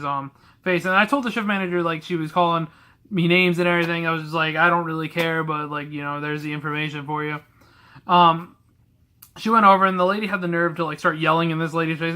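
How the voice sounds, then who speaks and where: A young man in his twenties tells candid, rambling stories straight to camera. His voice sits a bit high and sounds bright and forceful, with a blunt way of putting things. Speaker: vlogger telling stories about a past retail job. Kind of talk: casual storytelling to camera.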